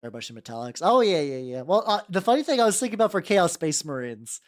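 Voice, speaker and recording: Streamer, casual livestream chatter, animated pitch, rambly and profane. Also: fast. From United States. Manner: rambling, swears freely, talks to chat, trails off mid-thought. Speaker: streamer painting miniatures. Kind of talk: casual livestream chat while painting.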